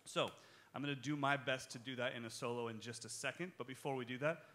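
Bright-voiced drum teacher, joking. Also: male voice, mid-range voice, quick pace. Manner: animated, joking, talks straight to the audience. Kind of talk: live drum clinic talk with Q&A. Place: music shop clinic in front of an audience.

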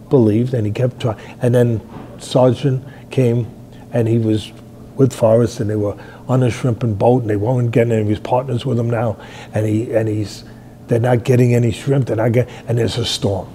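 An older man, hosting a fight talk show, telling stories in a rambling way and shouting out quoted lines. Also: mid-range voice, fairly even intonation, moderate pace, a little hiss or hum. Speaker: boxing trainer and show host. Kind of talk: animated fight analysis chat.

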